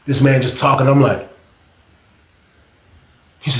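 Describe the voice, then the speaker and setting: Man, storyteller, gravelly and fairly high voice, animated and profane, recorded with a roomy echo. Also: measured pace. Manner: animated, profane, talks straight to viewers. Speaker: storyteller, channel host. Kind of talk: casual prison storytime.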